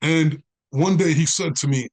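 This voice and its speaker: A man, a guest in an interview, telling his life story with animated quoted dialogue. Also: fairly high pitch, unhurried. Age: 40s.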